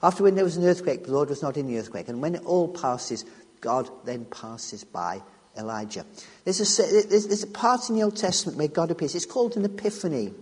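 A man's voice: a little high, very animated, fairly quick, darkish tone, husky. A man preaching a sermon on scripture, emphatic and repeating key phrases as he restarts his sentences. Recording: long reverb of a large hall.

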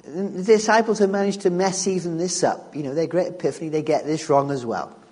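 In a large hall with long reverb, a man with a slightly high, husky, a little mellow voice delivers a brisk sermon on scripture. He speaks emphatically, repeating key phrases whenever he restarts a sentence.

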